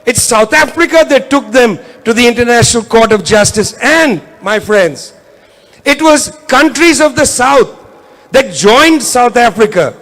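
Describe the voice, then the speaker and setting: Very high-pitched and fairly bright, this man's voice carries an impassioned keynote political speech in an event hall. He relies on repetitive rhetorical emphasis to make his points land.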